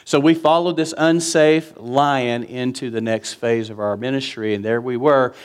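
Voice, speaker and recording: A man's voice: medium pitch, fairly even intonation, moderate pace, clear, resonant tone. A man, preaching a sermon in an earnest, conversational way with emphatic repetition. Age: 50s. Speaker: pastor.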